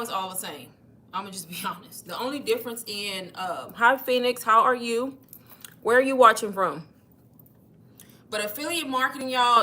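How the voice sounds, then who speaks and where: A young woman chats on a livestream, calling her viewers y'all and sounding slightly out of breath. Her voice is bright and clear, at a middle pitch for a woman. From Texas. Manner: chatty, addresses viewers as y'all. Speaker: livestream host. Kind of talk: casual livestream talk.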